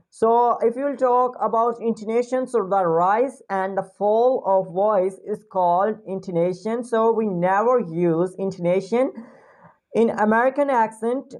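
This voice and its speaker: A young woman from Pakistan giving an online English lesson, explaining slowly and repeating example words. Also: medium pitch, a little mellow. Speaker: English accent teacher.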